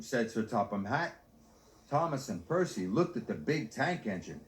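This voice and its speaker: Male storyteller, animated sing-song reading over background music. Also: medium pitch, normal speed, echoey room. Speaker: narrator. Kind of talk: storybook narration.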